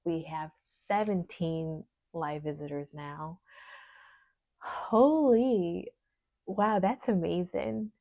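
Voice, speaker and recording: Teary, gravelly-voiced woman vlogging. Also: deep voice, slow pace, few pauses, no echo. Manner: emotional, teary, talks softly at times. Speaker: small business owner vlogger. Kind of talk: casual vlog talk to camera.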